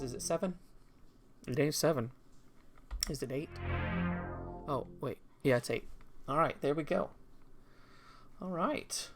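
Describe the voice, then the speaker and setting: A man's voice: medium pitch, unhurried, long pauses, bright, forceful tone, faint music behind. A man streaming a video game in casual commentary, rambling and talking to himself as he goes. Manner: rambling, talks to himself while drawing.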